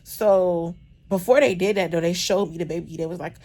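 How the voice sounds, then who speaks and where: A woman in her thirties talks straight to her viewers in a loose, chatty way, full of "like" and "bro". Her voice sits a little low for a woman. She is still sore after surgery. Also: normal speed. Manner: animated, chatty, lots of "like" and "bro". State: recovering after surgery, in discomfort. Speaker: vlogger. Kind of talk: casual storytelling to camera.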